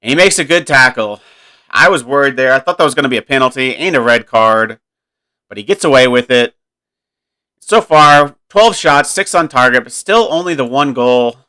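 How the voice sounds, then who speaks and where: A man's voice: mid-range voice, expressive, normal speed, pushed and bright, clear, resonant tone. A man giving casual, thinking-aloud commentary while playing a football management game, often correcting himself mid-sentence. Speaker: gaming YouTuber.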